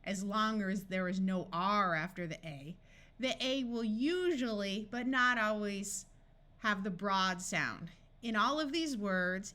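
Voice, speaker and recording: Female phonics tutor: slow, measured delivery, bright tone, precise enunciation for young readers. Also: mid-range voice. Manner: slow, deliberate enunciation of sounds and words. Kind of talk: scripted phonics lesson.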